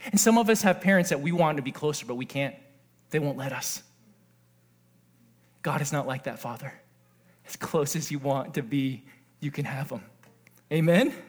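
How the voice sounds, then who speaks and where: A male pastor delivers an earnest sermon, moving between hushed, intimate passages and excited exclamations while joking with his congregation. His voice sits on the high side, his pace is normal, and he pauses often.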